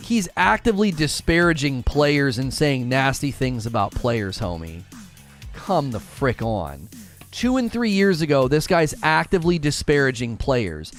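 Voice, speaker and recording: Heated man ranting on a stream. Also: on the high side. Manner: heated, emphatic, repeats phrases. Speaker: gaming talk show host. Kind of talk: live stream talk show rant.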